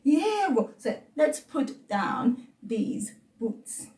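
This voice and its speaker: A woman with a South African accent teaching a children's language lesson, encouraging and patient, saying words slowly for kids to repeat. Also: high voice, sing-song, warm tone, reverberant, recorded from a distance.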